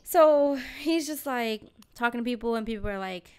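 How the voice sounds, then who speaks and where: A young woman hosting a podcast, telling a story in casual chat, animated and acting out the voices of people in it. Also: fairly high pitch, moderate pace, smooth. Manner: animated, acts out voices in her stories, swears casually. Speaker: podcast host.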